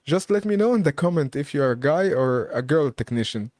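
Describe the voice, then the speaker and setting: A man's voice: on the high side, expressive, fairly quick, a little mellow, dry recording, clean studio sound. A man hosting a live Q&A stream, chatting casually, laughing often and reading viewer comments aloud.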